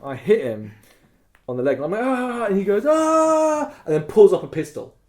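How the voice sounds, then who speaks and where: Animated rambling man telling stories. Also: on the high side, fast talker. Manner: animated, rambling, heavy on "like" and swearing. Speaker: podcast co-host. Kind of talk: casual storytelling chat.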